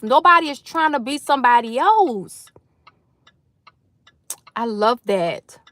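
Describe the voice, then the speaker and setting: A woman with a fairly high, fairly bright voice hosts a casual live chat from her car in a carpool line. She warmly calls out her viewers by name and talks with them effusively, recorded dry.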